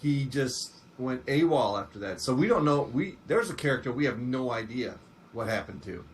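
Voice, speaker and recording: A man with a mid-range voice chats about a show, often pausing to search for words. A faint hum runs under the recording. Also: mid-range voice, lively intonation. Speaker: podcast co-host. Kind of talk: casual fan review chat.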